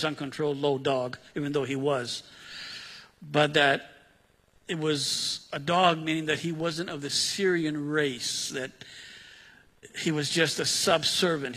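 A man's voice: fairly high pitch, a bit bright, slightly rough. A man preaching a sermon in a conversational way, retelling scripture in casual everyday words. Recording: long hall reverb.

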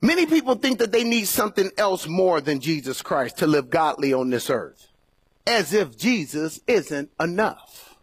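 A man pastor preaches with lively emphasis, slipping into mock voices of doubters along the way. His voice sits a bit high and sounds husky. The sound is dry and close, with little room echo. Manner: animated preaching, acts out voices of doubters, laughs. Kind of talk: sermon. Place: church.

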